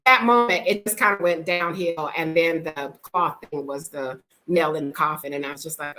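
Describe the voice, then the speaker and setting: This middle-aged woman from the United States vlogs, telling casual, frank stories and playing the characters with animation. Her low-sitting voice runs at normal speed with few pauses, and the audio is poor.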